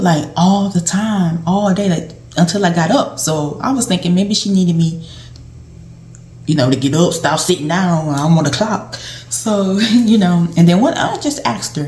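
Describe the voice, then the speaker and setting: A woman with a low, mellow voice tells a casual, rambling story full of fillers as she gives caregiving tips. The recording carries a roomy echo. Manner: rambling and conversational, with many fillers. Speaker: vlogger and former home health aide.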